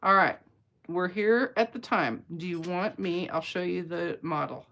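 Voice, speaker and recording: A woman's voice: fairly low pitch, unhurried, vocal fry, fairly bright tone. A woman, chatting playfully with viewers while demonstrating card-making live. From Atlanta area, US. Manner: chatty and playful, bantering with viewers mid-demo. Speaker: craft demonstrator.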